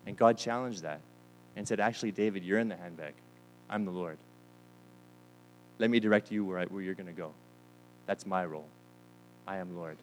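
In a low-quality recording, a pastor with a fairly low-pitched voice delivers a sermon full of stories. He quotes the characters by acting out their lines and repeats words.

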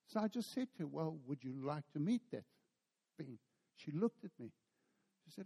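A middle-aged man with a South African accent preaching a sermon, telling a story and acting out the dialogue in it with lively energy. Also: on the high side, a little fast, vocal fry, husky. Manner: storytelling, animated, acts out dialogue. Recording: long hall reverb.

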